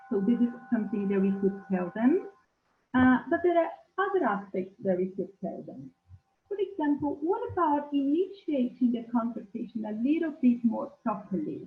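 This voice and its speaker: A woman giving a webinar lecture as a teacher trainer, slowly asking questions and taking up answers from attendees. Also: on the high side. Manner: slow, questioning, reads out learners' answers. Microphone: video call. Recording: echoey, tinny video call.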